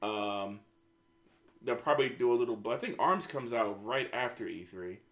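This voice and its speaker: A man's voice: medium pitch, normal speed, a bit bright. A man hosting a casual gaming podcast, steering the topics, laughing easily and swearing casually. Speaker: podcast host.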